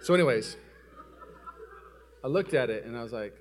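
A young male pastor telling a story in a sermon, swinging from loud outbursts to hushed asides before a congregation. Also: mid-range voice, animated, normal speed. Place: church sanctuary before a live audience.

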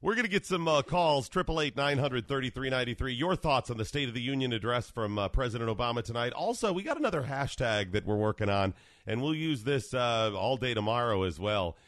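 A man's voice: medium pitch, expressive, brisk, fairly bright tone, no room sound, studio quality. A man co-hosting a political talk radio show, chatting in an easygoing way and reading out listener tweets. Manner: easygoing, reads listener tweets and phone numbers. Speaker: radio co-host.

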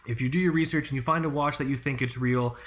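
Quick and steady in tone, this mid-range male voice belongs to a Soviet watch expert hosting a laid-back watch podcast. His talk wanders, includes cursing, and leans heavily on "like" and "you know."

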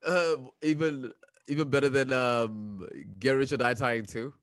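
A man co-hosting a podcast who keeps cracking jokes and teasing his partner. His voice sits at an ordinary middle pitch and he laughs often. The recording is dry and close, with no room sound. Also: fairly even intonation, smooth, no echo. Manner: joking, teasing, quick to laugh. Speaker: podcast co-host. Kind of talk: casual chat.

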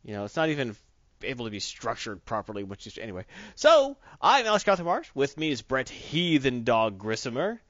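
A man's voice: medium pitch, very animated, a little fast, a bit bright, no echo, highs cut off. A man co-hosting a casual podcast, joking and laughing often as he riffs on comics and movies. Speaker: podcast co-host.

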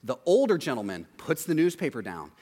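A man telling a comic anecdote, animated and acting out the voices of the people in it. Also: medium pitch, fairly quick, slightly rough. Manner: animated, acts out quoted voices. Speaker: storyteller. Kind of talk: comedic anecdote. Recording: long hall reverb.

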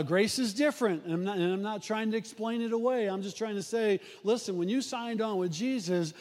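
A man's voice: sits high, a little mellow. A man preaching a folksy, storytelling sermon as a pastor, with frequent restarts. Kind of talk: conversational sermon. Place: church sanctuary. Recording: long hall reverb in a church.

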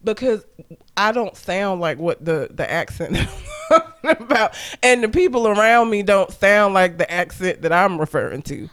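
High-voiced Southern man, laughing a lot. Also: moderate pace, clear, resonant tone. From Alabama, US. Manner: animated, laughs often, swears freely. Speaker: podcast co-host. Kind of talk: casual chat.

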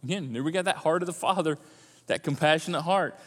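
Male pastor, sermon, animated conversational preaching, high voice, long hall echo. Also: fast talker. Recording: long church hall reverb.

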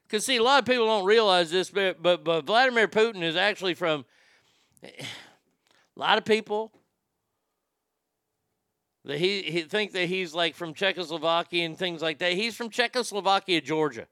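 Gravelly man riffing irreverently. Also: sits high, moderate pace, no echo, studio quality. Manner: irreverent, rambling, deadpan jokes. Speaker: comedy podcast host. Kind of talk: rambling comedic monologue.

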